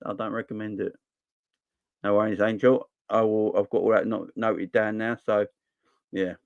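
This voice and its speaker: A man's voice: on the low side, little pitch movement, moderate pace, creaky, no echo, highs cut off. A man in his forties from southern England, hosting a casual live stream and chatting back to viewer comments. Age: 40s. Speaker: fan channel host.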